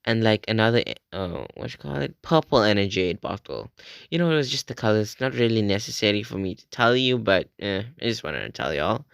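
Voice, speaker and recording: A man's voice: on the low side, expressive, fairly quick, gravelly, fairly bright tone, clear, resonant tone, no echo, studio quality. Rambling teenage boy telling a story. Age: teens. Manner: rambling, swearing, acts out quoted friends in a raised voice. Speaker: vlogger. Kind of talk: casual storytelling.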